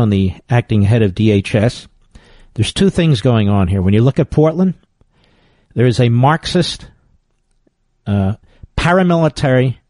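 A man's voice: medium pitch, darkish tone, dry recording. A man hosting political talk radio, combative and emphatic in his commentary, often scornful. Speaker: radio talk show host.

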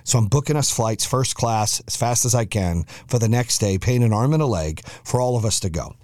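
A man's voice: mid-range voice, lively intonation, fairly quick, a little mellow, no echo, studio quality. A man hosting a podcast, telling a chaotic family travel story with lots of cursing and acted-out quotes. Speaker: podcast host. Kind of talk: storytelling monologue.

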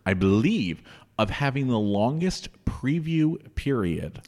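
A man's voice: mid-range voice, very animated, takes it slowly, a little mellow, long reverb tail. A man co-hosting a podcast in casual chat, playful and prone to joking bits. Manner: playful, breaks into mock announcer bits. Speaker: podcast co-host.

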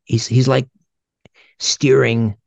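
A man's voice: medium pitch, level tone, slow pace, vocal fry, dry recording, highs cut off. A male host in casual interview chat, giving brief affirmations and offhand asides. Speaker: radio show host.

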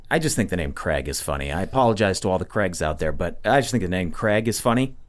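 A man's voice: low-pitched, expressive, a little fast. A man co-hosting a casual podcast chat, rambling and self-deprecating, with hesitant fillers. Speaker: co-host and show creator.

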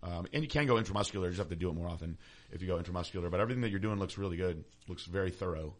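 A man co-hosting a podcast in casual chat, telling stories with dry, sarcastic jokes. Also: low voice. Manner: fast, joking, sarcastic storyteller. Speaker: podcast co-host.

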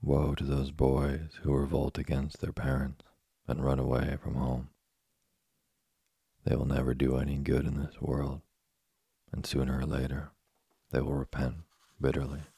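A man reads a classic story to help listeners fall asleep. His voice is extremely deep and gravelly, with a dark, husky tone and a slow, soothing, even delivery. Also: dry recording, studio quality. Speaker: narrator. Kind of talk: sleep story reading.

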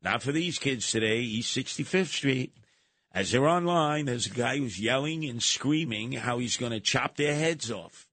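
A man's voice: mid-range voice, lively intonation, measured pace, fairly bright tone, dry recording. A man hosting a talk radio show, ranting combatively and sarcastically and acting out the people he quotes. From New York City.

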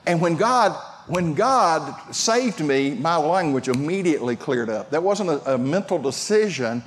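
A pastor preaching a sermon, talking conversationally and calling out to the congregation. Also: male voice, fairly high pitch, animated, measured pace. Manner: conversational preaching with audience call-outs.

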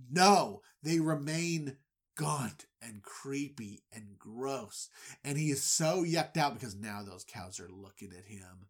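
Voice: medium pitch, unhurried. A podcast host retelling an old story as comedy, with goofy asides. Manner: animated, goofy, full of asides. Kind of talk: comic retelling of a Bible story.

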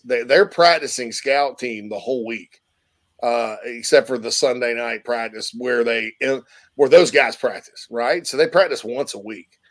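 A man hosting a sports talk show, chatting casually and rambling with many fillers. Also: medium pitch.

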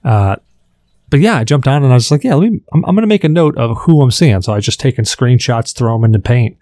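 Casting note: podcast co-host, man, mid-pitched voice, dry close sound, rambling and tripping over his words. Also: expressive, quick pace, warm tone, no room sound. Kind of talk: casual chat.

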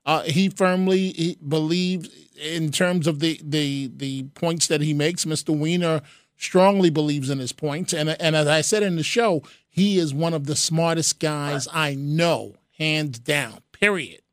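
A male talk radio host takes callers in an earnest, repetitive way, often doubling his words. His voice sits a touch high. The studio sound is dry and close. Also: measured pace, no room sound. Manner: earnest, repeats phrases, fillers. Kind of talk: talk radio call-in show. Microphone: studio mic.

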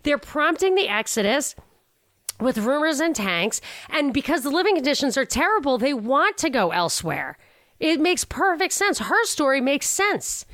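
A woman hosting a podcast, chatting casually and retelling a story with lively quotes. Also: high voice, moderate pace, no echo. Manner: animated retelling, quoting others, frequent laughs. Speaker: podcast host. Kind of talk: casual commentary chat.

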